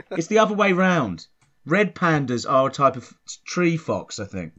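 A man co-hosting a comedy podcast, talking in a rambling, hesitant, deadpan way. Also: on the high side, measured pace, a crowd in the background. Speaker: podcast co-host. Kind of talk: casual comedy chat. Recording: dull lo-fi sound.

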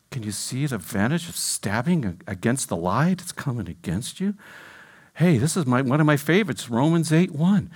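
A man preaching a sermon as pastor, questioning his congregation directly and dropping low and soft when he quotes scripture.

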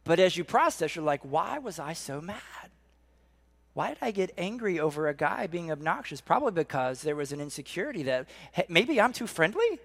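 Animated middle-aged male pastor preaching. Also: on the high side, a little fast, gravelly. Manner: animated storytelling, drops to a soft hush for emphasis. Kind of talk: sermon.

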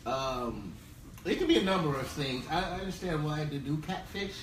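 A man talking casually on a podcast, laying out his opinions in a relaxed way with fillers. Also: on the high side, normal speed, far from the mic, a little hiss or hum. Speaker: podcast co-host. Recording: roomy sound from off-mic.

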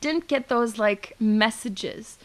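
A woman's voice: fairly high pitch, slow pace. A young woman co-hosting a podcast, telling a story with lots of "like" fillers and casual swearing. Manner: animated storyteller, heavy "like" fillers, swears freely. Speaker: podcast co-host.

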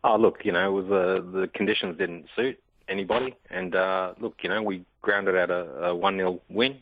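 A man phoning in to a sports radio show, measured and matter-of-fact. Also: low voice, steady tone, no echo. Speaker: caller. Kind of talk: radio phone-in. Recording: muffled phone line.

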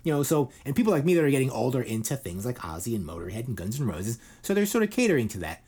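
A middle-aged male podcast host chatting loosely about the week's news. He rambles and swears casually, and his slightly husky voice jumps widely up and down in pitch. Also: big pitch swings, fast talker, a little mellow. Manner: rambling, irreverent, swearing, many fillers.

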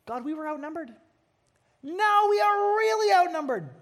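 A man's voice: high voice, wildly swooping pitch, a little fast, full character voice. A man voicing a timid, self-doubting young farmer who protests and pleads during a sermon. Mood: dismayed.

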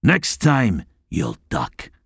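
A man voicing a burly young male Glaswegian police officer with a rasping voice, teasing and dry. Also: deep voice, wildly swooping pitch, extremely slow, no echo, pitched above the performer's own voice, exaggerated voice. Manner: taunting, dry.

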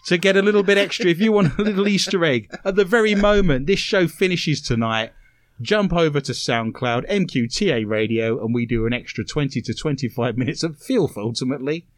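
A man's voice: a little high, brisk, no room sound. A man hosting a comedic radio talk show in a studio, playful and teasing, full of innuendo.

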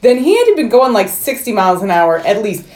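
A woman's voice: mid-range voice, very animated, a little fast, darkish tone, echoey room. Skeptical woman picking apart a movie. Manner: skeptical, picks apart plot logic. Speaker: podcast co-host. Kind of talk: casual movie discussion.

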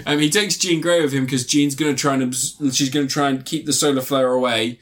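A man's voice: medium pitch, fairly even intonation, a little fast. A man animatedly recapping a film in casual chat, swearing and laughing often.

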